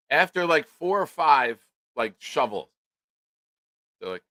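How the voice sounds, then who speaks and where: A middle-aged man rants through a crude comic story, loud and animated. His voice is bright and forceful, and the sound is dry and close with no room echo. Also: mid-range voice, unhurried, long pauses. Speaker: podcast co-host. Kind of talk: profane comedic storytelling.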